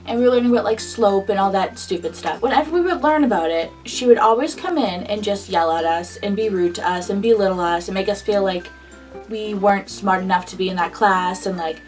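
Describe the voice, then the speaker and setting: A woman in her early twenties telling a casual storytime, animated and indignant, swearing freely. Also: medium pitch, a little fast, distant mic, faint music behind. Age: early 20s. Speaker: vlogger.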